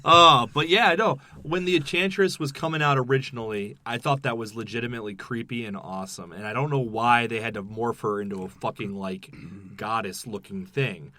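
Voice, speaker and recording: Profane, excitable male podcast co-host. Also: medium pitch, brisk. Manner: profane, excitable, loose and rambling. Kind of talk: casual movie review chat.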